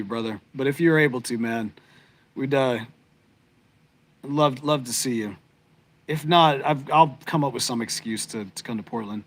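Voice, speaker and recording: A man's voice: medium pitch, normal speed, fairly bright tone. A middle-aged man, co-hosting a podcast and chatting casually with viewers in a rambling, heartfelt way, full of fillers and restarts. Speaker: podcast co-host. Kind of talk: casual live-stream chat with viewers.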